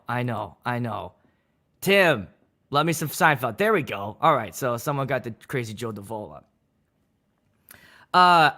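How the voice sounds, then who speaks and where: This Pittsburgh-area wedding DJ has a sharp, mid-range voice. Hosting a relaxed livestream, he chats with lots of energy, says hello to viewers, and curses without holding back.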